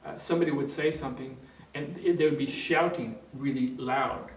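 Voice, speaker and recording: A man's voice: medium pitch, steady tone, a little fast. A man working as a trainer, telling an anecdote in a seminar in a rambling way, full of fillers and restarts. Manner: rambling, many fillers and restarts, chuckling storyteller. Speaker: NLP trainer. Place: training room. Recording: roomy hall, distant mic, faint noise.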